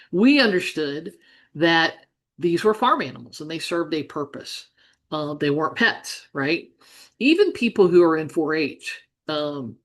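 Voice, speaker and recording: A middle-aged woman from Ohio, a business coach, telling a childhood farm story in an earnest way, with frequent restarts and asides. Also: fairly low pitch. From Ohio, United States. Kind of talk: storytelling monologue.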